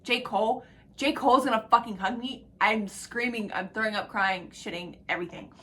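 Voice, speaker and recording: A young woman talks straight to camera in a loose, rambling vlog, hopping between tangents with lots of swearing. Her voice is bright and forward, swinging from excited bursts to near-whispered asides. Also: on the high side, normal speed, slight background noise. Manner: rambling, excitable, profane, laughs and drops to whispers. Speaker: book vlogger. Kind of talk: casual chat to camera.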